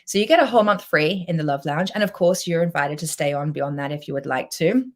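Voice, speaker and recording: Woman, low voice, self-love coach, live-stream pitch, effusive, chatty. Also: fast. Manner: effusive, chatty, reads out viewer comments.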